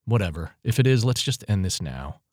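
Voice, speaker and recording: A man's voice: lowish voice, sing-song, fairly quick, darkish tone, no echo, clean studio sound. A man reading a story aloud, voicing a bitter young female prisoner who speaks with hostility and sarcasm. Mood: scornful.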